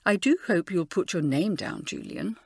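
Woman voicing a vain schoolgirl, simpering, sugary, lively intonation, dry sound. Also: fairly low pitch, moderate pace, gravelly, husky, no echo, exaggerated voice. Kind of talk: audiobook character voice.

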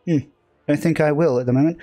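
His voice is a little high, warm and quick as he streams a video game live, chatting with viewers in rambling, self-mocking banter. There is no room sound in the recording.

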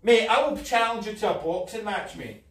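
A man's voice: high-pitched, animated, normal speed, recorded from a distance. A man with a Scottish accent in casual, boisterous banter while painting an office, full of mock threats and swearing. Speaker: streamer. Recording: roomy office from off-mic.

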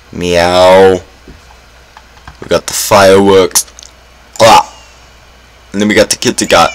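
A young man talks through a game in a very low, deep voice. His commentary is casual and self-mocking, peppered with groans and sudden dramatic exclamations. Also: gravelly, a bit bright, poor audio. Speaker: gaming YouTuber.

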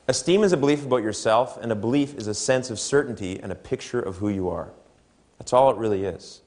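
Guy doing a motivational keynote on stage, chatty, keeps asking the crowd stuff, mid-pitched voice. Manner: energetic, conversational, asks the audience questions. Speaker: keynote speaker. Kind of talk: motivational seminar talk. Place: conference hall before an audience.

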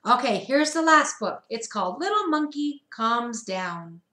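A preschool teacher reads picture books to young children in a gentle, sing-song style, pausing to ask them questions. Her voice is a little high for a woman, very animated and measured in pace, and it echoes around a roomy space.

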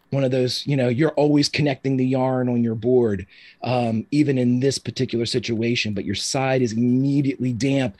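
A man's voice: mid-range voice, a little mellow. A man running a tabletop game as game master, narrating the action in a loose, descriptive way with fillers.

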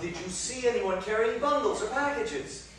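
A man's voice: very high voice, animated, moderate pace. A man playing a blustering New York husband on stage. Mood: agitated. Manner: blustering, shouting curses, then soothing. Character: excitable middle-aged New York husband. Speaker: stage actor. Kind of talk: live stage play acting. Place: theater stage. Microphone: distant room mic. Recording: echoey hall, distant, some noise.

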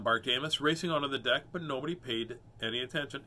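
A man's voice: mid-range voice, fast, sharp tone. A man reading a children's book aloud as host, breaking off for playful, self-mocking jokes. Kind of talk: storybook read-aloud with joking asides.

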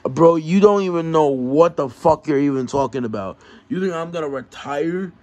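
A man's voice: a little high, normal speed, a little mellow, lightly acted. A man voicing a cocky young male turtle prince fighter who trades foul-mouthed trash talk at a mock fight press conference. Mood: taunting.

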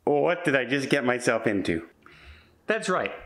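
A man's voice: mid-range voice, lively intonation, unhurried, a bit bright. A man in his fifties talking in a casual vlog, chatty and rambling with many restarts, earnest and a bit defensive. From Canada. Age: 50s. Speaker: vlogger.

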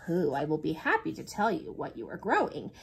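A woman voicing a wise old male owl in a storybook read-aloud, speaking slowly and deliberately. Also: deep voice, huge pitch swings, vocal fry, noisy background, pitched below the performer's own voice, heavily acted. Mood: instructive.

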